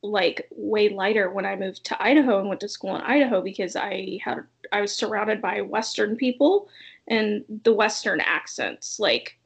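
A woman's voice: mid-range voice, normal speed, gravelly, slightly rough. A young woman from South Carolina with a light Southern accent, speaking matter-of-factly as a podcast co-host. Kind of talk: casual chat.

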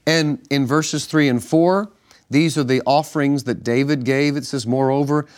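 A man's voice: mid-range voice, moderate pace. Pastor, male, easygoing co-host telling stories on a ministry broadcast. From northern United States. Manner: relaxed storytelling with restarts and chuckles. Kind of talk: casual ministry broadcast chat.

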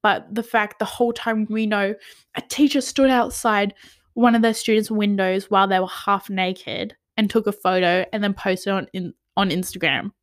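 A woman's voice: medium pitch, little pitch movement, moderate pace. A young woman recapping a TV episode in a casual rant, full of "like", swearing, and drops into whispers of disbelief. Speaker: TV recap vlogger.

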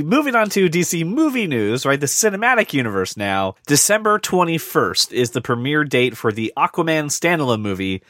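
Male podcast co-host, jokey and animated, lively pitch, dry close sound. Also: dry recording. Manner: animated, jokey, puts on quick mock voices. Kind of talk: casual podcast banter.

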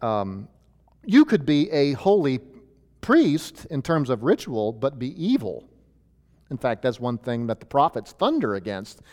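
A pastor teaches from a chart in a loose, chatty way, restarting his sentences and filling pauses. His pitch swings up and down with animation. His voice carries a long reverb from a church hall. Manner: lively, conversational, many fillers and restarts.

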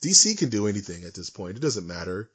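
A man co-hosting a casual podcast, ranting in an animated, emphatic way. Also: fairly low pitch, fast talker, slightly rough. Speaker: podcast co-host. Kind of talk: casual chat.

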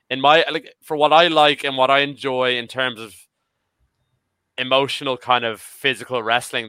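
A man of about thirty chatting as a podcast panelist, excitable and swearing casually. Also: mid-range voice, clear, resonant tone, dry recording. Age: 30s. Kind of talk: casual chat.

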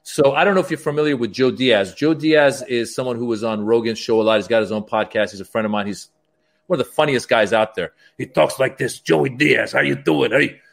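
A stand-up comedian telling stories as a guest, acting out the dialogue in raised voices. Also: male voice, mid-range voice, fast. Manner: animated, acts out quoted dialogue in raised voices. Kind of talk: storytelling as a podcast guest.

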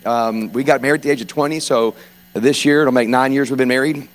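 A man in his forties from South Louisiana with a South Louisiana accent, preaching an informal, joking sermon as a guest preacher and clearing his throat often. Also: mid-range voice, steady tone, a little fast. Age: 40s.

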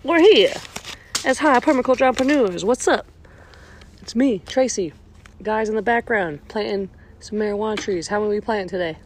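A woman's voice: medium pitch, brisk, slight background noise. A playful young woman co-hosting a casual podcast outdoors, joking and laughing easily. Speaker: podcast co-host. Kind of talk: casual chat. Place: outdoors, sitting on a bucket. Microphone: handheld recorder moved between speakers.

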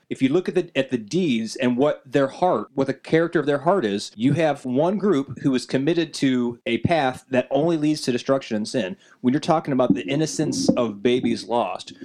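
A man co-hosting a casual faith podcast, reading scripture slowly and earnestly and speaking fervently, with many restarts when worked up. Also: medium pitch, darkish tone. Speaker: podcast co-host.

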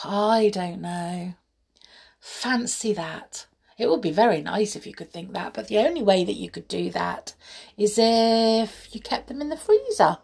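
A woman's voice: medium pitch, creaky, slightly rough. A woman reading a children's story aloud, a mother, adding chatty hesitant asides afterwards. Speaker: storyteller, parent.

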